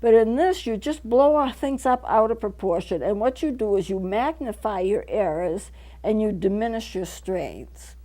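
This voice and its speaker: A woman's voice: mid-range voice, moderate pace, warm tone. A middle-aged woman counselor hosting a local TV talk show, explaining points earnestly in a studio and repeating them for clarity. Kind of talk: teaching talk to camera.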